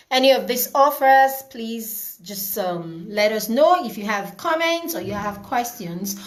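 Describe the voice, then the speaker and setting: A woman's voice: fairly high pitch, fairly bright tone. Woman, online class host on a video call, chatty and repetitive. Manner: chatty, greets viewers by name, repeats words. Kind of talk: live online class wrap-up.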